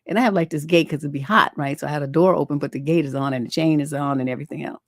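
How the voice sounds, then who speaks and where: A woman's voice: sits low, very fast, dry recording, studio quality. A middle-aged woman hosting a relationship advice livestream, talking in a blunt, profane, rambling way full of fillers, and reading viewer letters aloud. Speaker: relationship coach and livestream host.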